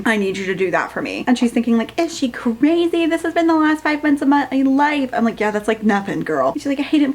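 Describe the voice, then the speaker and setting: A woman's voice: medium pitch, low-quality recording. A young woman giving a casual, sarcastic book rant review, reading passages aloud in mocking voices.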